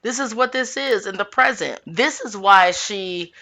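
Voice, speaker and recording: A woman giving a chatty, animated tarot reading to her viewers. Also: medium pitch, measured pace. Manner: animated, chatty, addresses viewers as y'all and honey child. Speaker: tarot reader. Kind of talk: casual tarot reading commentary.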